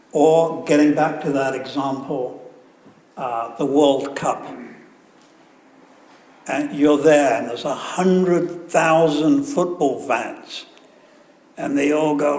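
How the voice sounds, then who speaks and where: A man's voice: a little high, a little mellow. A man giving a sermon at a temple, telling stories with joking asides in a conversational way. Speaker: visiting guru giving a talk. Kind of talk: sermon with anecdotes. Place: temple hall. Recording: echoey hall, faint room ambience.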